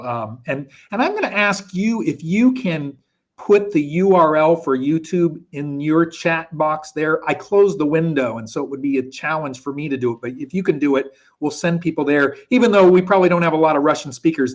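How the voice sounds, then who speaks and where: A man from the United States co-hosts a live online show over a video call. His voice sits fairly high, and he talks in a chatty, rambling way, correcting himself as he goes. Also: normal speed. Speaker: co-host.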